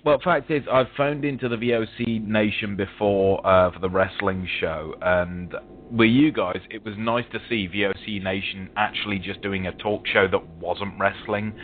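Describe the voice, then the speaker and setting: A British man with a fairly low voice tells crude jokes in a dry, deadpan way. His voice comes through a narrow, tinny phone line. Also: normal speed. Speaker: caller. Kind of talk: casual call-in chat.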